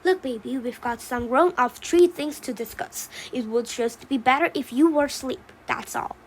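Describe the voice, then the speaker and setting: A worrying father pine tree, always expecting the worst, read in a high, light voice. A woman voices him simply, as in a storybook read aloud, with a faint hiss behind. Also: normal speed, poor audio. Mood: gloomy. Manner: reads the role labels aloud between lines. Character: gloomy father pine tree, male, worrier.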